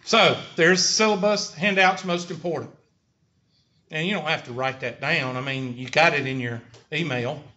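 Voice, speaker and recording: A man's voice: a little high, normal speed, pushed and bright. A middle-aged man with a Southern American accent, a college instructor giving a blunt, folksy classroom lecture and tossing questions to the class. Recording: lo-fi, echoey classroom.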